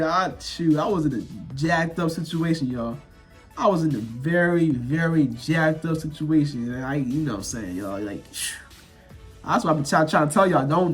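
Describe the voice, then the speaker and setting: A young man telling a personal story to his viewers in a casual, animated, slang-filled way, repeating himself for emphasis. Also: on the high side, slightly rough. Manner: animated, repetitive, slangy, addresses viewers directly.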